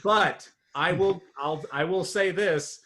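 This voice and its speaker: A young man doing a stand-up set, telling long self-deprecating stories with lots of fillers, and jumping higher and louder at his punchlines. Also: slow pace. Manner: rambling, self-deprecating storytelling with many fillers; swings high and loud at punchlines, laughing at his own jokes. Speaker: stand-up comedian. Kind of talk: stand-up set on a live stream.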